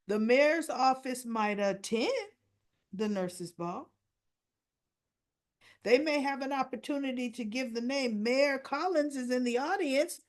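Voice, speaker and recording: A woman talking through a daytime soap episode in a loose, conversational way. She voices each character's lines herself and keeps cutting in with blunt personal opinions. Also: fairly high pitch. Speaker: soap opera recap host. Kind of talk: casual spoken recap.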